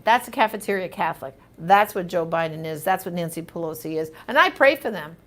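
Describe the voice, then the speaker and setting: A woman's voice: lowish voice, sing-song, quick pace, few pauses. A woman hosting a live show, reading viewer comments and answering them in an emphatic, conversational way.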